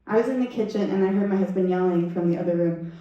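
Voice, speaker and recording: Woman telling a lively story at a sunday service, acts out quotes, sounds far off in a big echoey room. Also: on the low side, quick pace, muffled recording. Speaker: guest speaker.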